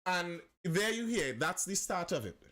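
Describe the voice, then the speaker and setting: A man's voice: high-pitched, big pitch swings, unhurried, fairly bright tone. A man hosting a live-stream commentary. He talks with passion, repeats phrases for emphasis and answers viewers' comments as he goes.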